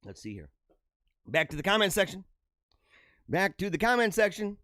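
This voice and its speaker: A man hosting a casual livestream show, reading out viewer comments and chatting back in an animated way on a radio-style mic. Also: moderate pace, no echo, clean studio sound. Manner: animated, talks with feeling, drops pitch low for asides. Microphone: radio-style studio mic.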